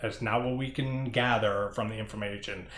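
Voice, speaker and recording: A man's voice: fairly low pitch, steady tone, moderate pace, a bit bright, echoey room. Laughing, swearing movie reviewer guy. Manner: laughs often, swears casually, rambling.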